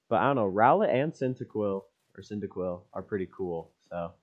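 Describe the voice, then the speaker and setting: A man's voice: deep voice, brisk, hardly any pauses, lo-fi sound, soft background music. A young man giving goofy, rambling let's-play commentary, joking about the game. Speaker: gamer.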